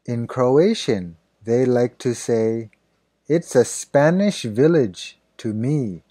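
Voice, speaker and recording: Slow, deliberate man with a dark voice. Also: medium pitch, no echo. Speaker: idiom teacher. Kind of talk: scripted narration.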